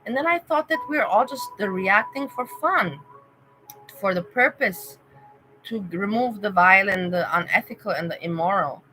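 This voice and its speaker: A woman's voice: medium pitch, lively intonation, normal speed, pushed and bright, soft background music, low-quality recording. A woman vlogger chatting casually and emotionally with live viewers, rambling and addressing chatters by name. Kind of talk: casual livestream chat.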